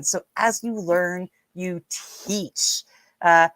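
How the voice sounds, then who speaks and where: A woman's voice: lowish voice, moderate pace, fairly bright tone, dry recording. A woman with a Newfoundland accent hosting a casual livestream, chatting with viewers and reading their comments aloud with lots of fillers. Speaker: livestream host.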